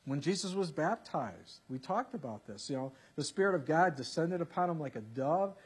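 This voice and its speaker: Guy preaching a bible study sermon, kinda husky voice, earnest and emphatic. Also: a little high, expressive, normal speed. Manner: earnest, emphatic scripture reading with casual asides.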